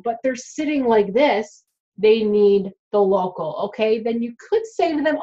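A woman's voice: on the high side, expressive, a little slow, dark tone, lo-fi sound. A woman, a dental hygienist, talking casually and frankly to the camera and addressing her viewers directly.

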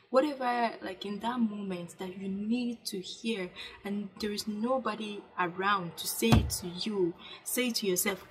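A woman's voice: mid-range voice, low-quality recording. A young woman vlogging casual self-help advice to camera, earnest and repetitive, with many fillers and restarts. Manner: coaching, urges viewers to speak aloud.

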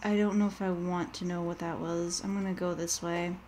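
A woman's voice: on the low side, little pitch movement, brisk, darkish tone, a little hiss or hum. A woman streaming a game, talking to her chat in a rambling, jittery way that keeps tipping into panic. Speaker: gaming streamer. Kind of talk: live gameplay commentary.

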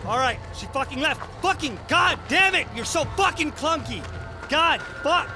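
A man doing excitable horror game commentary, loud and full of swearing. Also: very high-pitched, moderate pace, music in the background. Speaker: gaming video creator.

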